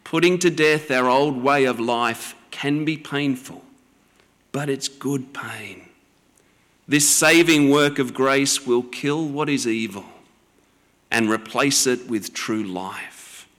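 A man preaching a sermon as the pastor, slow and deliberate, with measured pauses between phrases. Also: mid-range voice, fairly bright tone, in a large hall.

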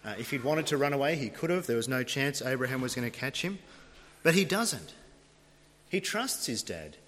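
A man's voice: mid-range voice, big pitch swings, moderate pace, a bit bright. A man preaching a sermon, retelling a scripture story in a dramatic storytelling manner. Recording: long reverb of a large hall.

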